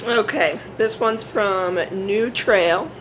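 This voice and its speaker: A woman co-hosting a casual podcast, laughing easily and speaking in an unhurried way. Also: mid-range voice, a bit bright, a little hiss or hum, poor audio. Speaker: podcast co-host. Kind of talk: casual chat. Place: bar in a bookstore.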